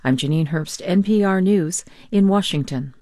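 Woman, newscaster, scripted bulletin, lowish voice, dry studio sound. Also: normal speed, warm tone, no room sound. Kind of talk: scripted news read.

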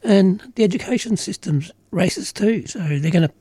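A man's voice: sits high, expressive, moderate pace, warm tone, husky, no echo. A middle-aged Australian man with an Australian accent, talking earnestly and emphatically in casual political conversation, with many "you know" fillers.

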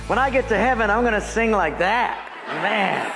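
A man's voice: high voice, expressive, moderate pace, vocal fry, over music, a crowd in the background. A man in his seventies, a pastor preaching to his congregation with folksy stories, chuckling at his own punchlines. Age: 70s. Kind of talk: sermon with jokes. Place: church sanctuary with congregation. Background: congregation laughing.

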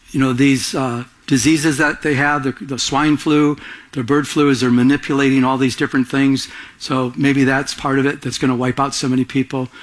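A man's voice: mid-range voice, a bit bright. Earnest man preaching a casual sermon. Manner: conversational, earnest, many restarts. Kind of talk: sermon teaching.

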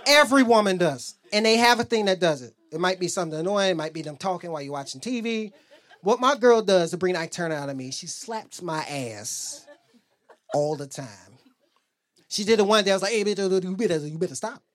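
Animated man telling crude stand-up stories. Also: high-pitched, a little fast. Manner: animated storytelling, acts out quoted lines; crude, profane. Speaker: stand-up comedian. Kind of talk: stand-up comedy set.

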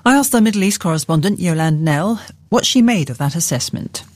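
A woman presenting radio news, reading scripted links crisply and questioning a correspondent. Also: mid-range voice, big pitch swings, fast, no room sound.

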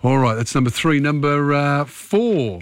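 A man hosting a late-night radio quiz, chatty and quick to laugh. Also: fairly high pitch, expressive, no echo, clean studio sound. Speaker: radio host. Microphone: studio microphone.

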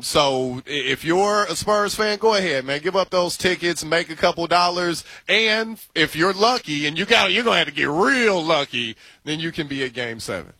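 A man's voice: fairly high pitch, lively intonation, moderate pace, few pauses, bright, forceful tone, slightly rough, no echo. A man co-hosting a sports talk radio show, talking casually and with emphasis.

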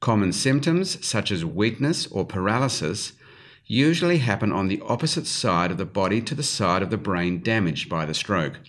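A man, reading a magazine health article aloud on radio in a steady, informative way. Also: on the low side, normal speed. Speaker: radio reader.

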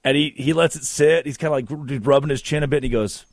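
A man hosting a casual sports talk show, telling stories in an animated, joking way. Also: mid-range voice, quick pace, no echo, clean studio sound. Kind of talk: casual comedic chat.

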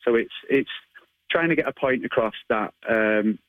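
A man's voice: medium pitch, normal speed, dry recording, phone-quality sound. A man in his thirties with a Manchester-area English accent, answering interview questions in a chatty, hesitant way with frequent laughs. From England. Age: 30s. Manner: chatty, hesitant with many ums, laughs often. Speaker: guest, martial arts instructor.

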